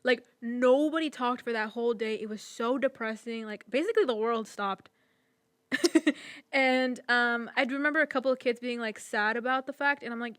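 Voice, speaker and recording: A young woman chatting on a podcast, her voice fairly high and bright. She rambles along with plenty of fillers. The sound is dry and close, with no room around it. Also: brisk, no room sound. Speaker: podcast co-host. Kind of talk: casual chat.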